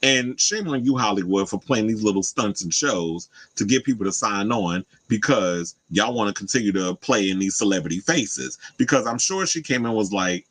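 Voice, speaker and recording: A man hosting a casual celebrity gossip commentary, chatty and animated, jumping up in pitch for emphasis. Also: moderate pace, few pauses, slightly rough, rough recording. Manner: animated, chatty, swings high for emphasis and quoted asides. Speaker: host.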